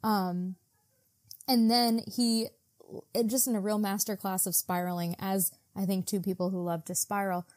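Woman co-host, casual book chat, warm low-key tone, dry close mic, acts out characters in quick asides. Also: level tone, no room sound. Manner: retells scenes in mock voices, swears freely. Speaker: podcast co-host.

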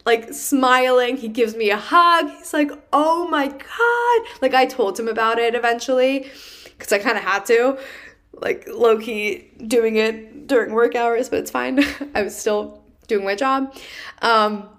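A young adult woman hosting her podcast, telling a personal story in a casual, animated way and saying "like" often. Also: fairly high pitch, a little slow. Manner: chatty and animated, heavy use of "like". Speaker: podcast host.

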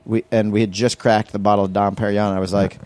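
A man's voice: lowish voice, quick pace. A middle-aged man co-hosting a podcast, telling stories in a loose chat style, swearing freely and acting out other people's lines. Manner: animated storyteller, mimics voices in quotes, swears freely. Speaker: podcast co-host. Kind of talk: casual chat.

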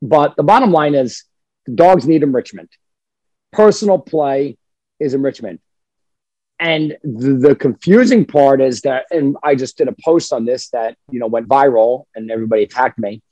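Husky emphatic male dog trainer. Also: medium pitch, normal speed, no room sound. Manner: emphatic, animated, acts out dog voices. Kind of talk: casual podcast chat.

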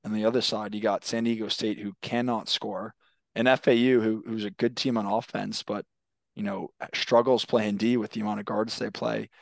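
A young man chatting about his team on a podcast, stammering a little and swearing now and then. His voice sits a touch low and stays flat, with hardly any rise and fall. The sound is dry and close, with no room around it. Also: moderate pace, creaky, dry recording. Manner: stammers and repeats words; laid-back, swears casually. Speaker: podcast host. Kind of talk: casual sports chat.

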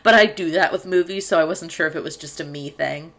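A woman's voice: deep voice, fast talker, fairly bright tone. A woman co-hosting a podcast, chatting casually and recapping a sitcom episode, laughing often. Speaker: podcast co-host.

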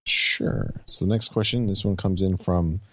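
A man's voice: low voice, a little slow, fairly bright tone, no room sound. A man co-hosting a podcast in casual sports chat, making dry, sardonic quips. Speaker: podcast co-host.

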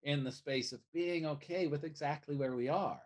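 A man talking as a life coach guest in a casual podcast conversation, animated and casually swearing. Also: a little high, normal speed. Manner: animated, swears casually, acts out little quoted voices.

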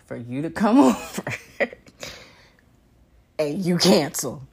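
Brief: woman podcast host, blunt, profane rant, lower voice, laughs a lot. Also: animated, takes it slowly, vocal fry, pauses often, darkish tone, breathy edge. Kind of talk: casual solo podcast rant.

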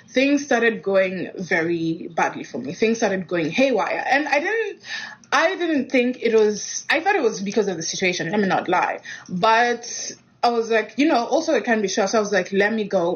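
A young woman from Kenya tells a personal story in a casual way. She is animated and acts out the dialogue. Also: mid-range voice. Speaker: guest telling a personal story. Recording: dull lo-fi recording.

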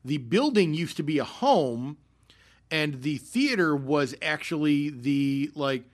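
A man's voice: a little high, fairly bright tone. A man telling a long theater story in casual podcast chat, rambling with many fillers and restarts. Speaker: podcast co-host.

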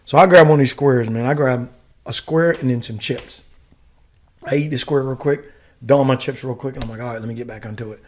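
A middle-aged man from the United States telling a story as a podcast guest, casual and profane, full of animated asides. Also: mid-range voice, fairly quick. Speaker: guest, retired Army warrant officer.

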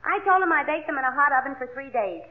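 A woman's voice: sits high, expressive, racing. An actress playing a scatterbrained, sweetly naive wife and mother in a 1950s radio comedy. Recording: tinny vintage radio broadcast with audience.

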